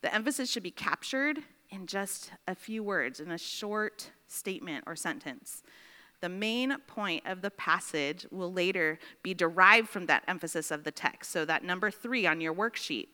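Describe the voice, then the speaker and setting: A woman teaching a Bible study class, dictating slowly with repeated phrases and checking in with her listeners. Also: lowish voice, expressive, bright, forceful tone. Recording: long reverb in a large room.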